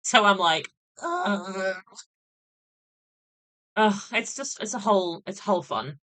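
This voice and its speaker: A woman's voice: mid-range voice, lively intonation, fairly quick, bright, forceful tone. A woman chatting casually on a live stream, venting, laughing often and swearing freely.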